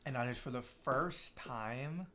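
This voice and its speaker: A man's voice: mid-range voice, slow, bright, forceful tone, a little hiss or hum. Young guy rambling thru a story, lots of restarts, voices other people. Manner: rambling, many restarts, acts out quoted people. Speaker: podcast guest. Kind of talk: casual storytelling chat.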